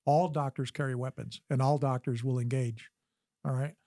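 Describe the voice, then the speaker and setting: A man's voice: medium pitch, fairly even intonation, normal speed, warm tone, dry recording. Older man telling a story, dry close sound. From United States. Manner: earnest storytelling with frequent restarts. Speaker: podcast guest, former combat physician. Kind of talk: storytelling interview.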